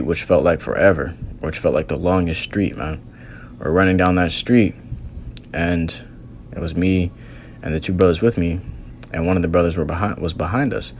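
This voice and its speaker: A man's voice: low-pitched, a little hiss or hum. A man earnestly recounting a religious vision as a testimony, in loose storytelling with many fillers.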